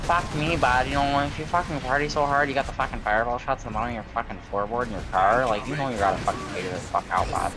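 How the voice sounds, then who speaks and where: A man's voice: medium pitch, quick pace, hardly any pauses, music in the background, lightly acted. A man voicing a crude, swearing Canadian mill worker guy in a thick put-on Canadian accent, calling everyone bud. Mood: mocking. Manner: profane, drawling "bud" talk.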